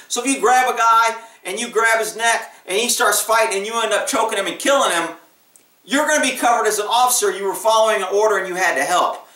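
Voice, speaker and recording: Male cop, casual vlog; high, sharp voice, emphatic delivery; roomy sound with the mic set back. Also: recorded from a distance. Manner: blunt and emphatic, acts out quoted callers. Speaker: police officer giving advice. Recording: echoey room, voice off-mic.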